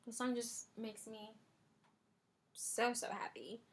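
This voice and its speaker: Young woman vlogger, relaxed chatty review from her bedroom, slightly high voice, slow delivery. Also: creaky. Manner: chatty, lots of filler ums. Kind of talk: casual music review vlog. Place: bedroom at home.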